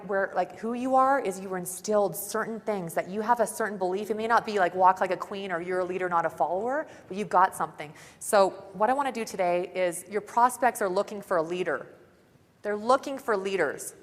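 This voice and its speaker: Her voice is mid-range and a bit bright: a young woman giving an upbeat motivational conference talk, chatty and dropping "like" often. It's caught on a stage mic in a large conference hall with the long reverb of a big space.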